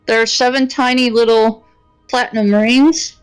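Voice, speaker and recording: A woman's voice: a little high, steady tone, moderate pace, smooth, faint music behind, poor audio. A woman chatting as a player in a tabletop game, listing details carefully. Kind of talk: casual game chat.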